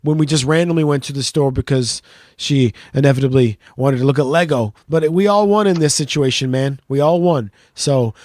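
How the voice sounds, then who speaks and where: A middle-aged man co-hosting a podcast, telling stories in animated casual banter and swearing freely. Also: medium pitch, a little fast, dry recording, studio quality. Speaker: podcast co-host.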